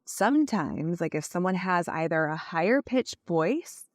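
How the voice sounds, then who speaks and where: A woman's voice: on the low side, lively intonation, unhurried, no echo, studio quality. A woman hosting a podcast, teaching listeners in a coaching tone, using many "like" fillers and checking that they follow. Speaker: podcast host.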